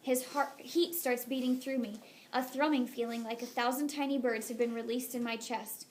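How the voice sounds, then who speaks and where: A woman reading a first-person novel aloud as an audiobook narrator, in a soft, intimate, unhurried way. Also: on the high side, fairly even intonation, slight background noise.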